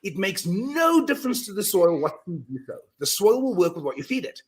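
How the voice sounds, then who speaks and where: A man talking as a guest in a casual interview, telling animated stories and acting out his own self-talk, often restarting words. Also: high voice, brisk. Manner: animated storyteller, repeats words when restarting. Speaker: podcast guest, mindset coach.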